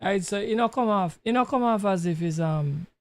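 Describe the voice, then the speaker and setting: A man's voice: high voice, normal speed, no room sound. A man from Trinidad and Tobago with a Trinidadian accent, chatting loosely in creole-flavored English as he comments on his gameplay for his channel. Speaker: gaming channel host.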